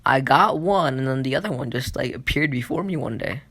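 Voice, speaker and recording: A man voicing a brash, excitable young male fighter who stammers and panics in his retelling. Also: mid-range voice, fairly quick, breathy edge. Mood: flustered.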